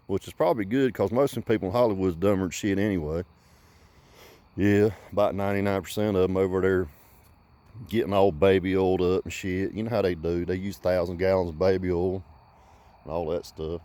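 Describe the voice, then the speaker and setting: A man rants on his vlog in a rambling, profane, folksy way. His voice sits a little low, and he wanders from point to point with fillers. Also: steady tone, brisk, a little mellow, no echo. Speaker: vlogger. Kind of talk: rambling comic rant.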